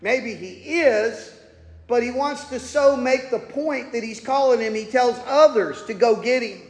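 A man with a strikingly high voice preaches slowly and deliberately. He bursts into loud emphatic cries, then drops to hushed asides. His words ring through a church hall with long reverb. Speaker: pastor. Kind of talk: sermon. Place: church sanctuary.

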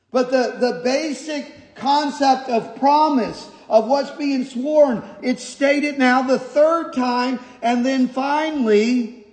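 A male pastor preaching a sermon, emphatic and repetitive, moving from quiet stretches to shouted points. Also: extremely high pitch. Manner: emphatic, repeats key phrases, shifts from quiet to shouting. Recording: echoey hall.

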